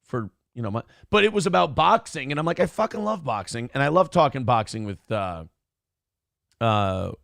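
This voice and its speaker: A man's voice: mid-range voice, animated, normal speed, creaky, a bit bright, dry recording, clean studio sound. A man hosting a morning talk show, telling stories in a brash, profane, boastful way. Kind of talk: casual talk show rant.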